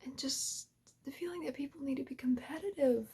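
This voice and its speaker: An ASMR channel host speaks to creators in an earnest, emotional, soft-spoken talk, slipping in and out of a whisper. Her voice sits high, brisk and warm.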